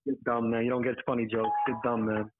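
A man's voice: mid-range voice, flat delivery, fast talker, no room sound. A man hosting a call and arguing heatedly, taunting and sarcastic, swearing often. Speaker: channel host on a phone call. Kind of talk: heated phone argument. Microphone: phone. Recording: tinny phone line.

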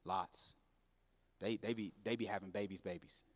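A man preaching a sermon in church, dropping low and quiet then building up loud and fervent. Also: steady tone, moderate pace, in a large hall. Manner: swings from low and quiet to loud and shouting, plain Southern-leaning speech.

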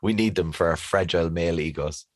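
A man's voice: low-pitched, fast, dry recording, clean studio sound. A young man co-hosting a podcast in a laid-back, easygoing chat. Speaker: podcast co-host. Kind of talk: casual chat.

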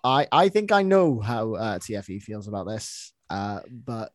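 A man's voice: on the low side, big pitch swings, unhurried, no room sound, studio quality. A man hosting a football podcast, jokey and easygoing, with hesitant fillers in casual chat. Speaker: podcast host.

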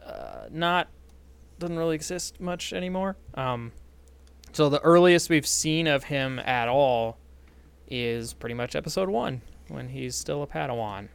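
A man's voice: on the high side, very animated, a little slow, creaky, clear, resonant tone. A man co-hosting a casual podcast discussion, talking in an easygoing, conversational way and often hedging with "like" and "um". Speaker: podcast co-host.

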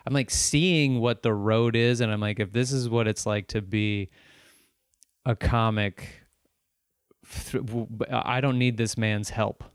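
A stand-up comedian spins a wild tale in relaxed conversation, his voice low and smooth. The sound is close and dry, like a studio podcast. He gets loud and animated, swears freely and plays out the lines people said. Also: a little slow, no room sound. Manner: animated, profane, restarts and acts out quotes. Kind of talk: casual storytelling chat.

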